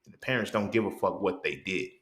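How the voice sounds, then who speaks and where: A man's voice: low voice, expressive, quick pace, fairly bright tone. A man hosting a casual monologue, blunt and profane, who keeps checking in with the listener. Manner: blunt and profane, keeps asking "you feel what I'm saying?". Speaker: host. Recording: roomy echo.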